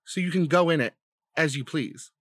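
Bright-voiced young man telling stories. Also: a little high, moderate pace, no echo, clean studio sound. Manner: profane, animated storytelling. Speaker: podcast co-host. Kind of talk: casual storytelling chat.

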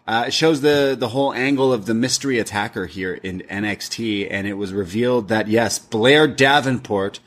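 A man, co-hosting a casual review podcast and retelling scenes with lively acted-out quotes. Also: fairly low pitch, moderate pace, hardly any pauses. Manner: animated storytelling, acts out quotes. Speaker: podcast co-host.

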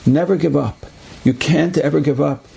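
Husky, gravelly man telling a story. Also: on the high side, moderate pace, mellow. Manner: earnest, repetitive emphasis. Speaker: religious storyteller. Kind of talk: inspirational storytelling.

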